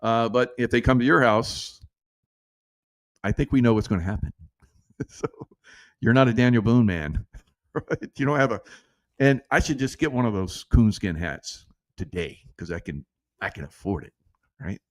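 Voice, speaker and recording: A man's voice: mid-range voice, lively intonation, moderate pace, long pauses, no room sound, studio quality. A middle-aged man hosting casual political commentary, brash and laughing often, mocking critics in put-on voices. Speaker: show host.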